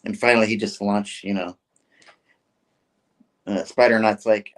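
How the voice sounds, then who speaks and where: A man's voice: lowish voice, steady tone, a little slow, pauses often. A man hosting a comic book review show. He recaps an issue in a rambling, casual way, full of filler words. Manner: rambling, with filler words and mock character voices.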